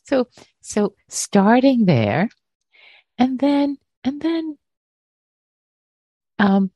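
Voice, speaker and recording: A woman meditation teacher answering a question in a gentle, soothing talk, repeating words and trailing off. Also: a little high, sing-song, very slow, dry recording, studio quality.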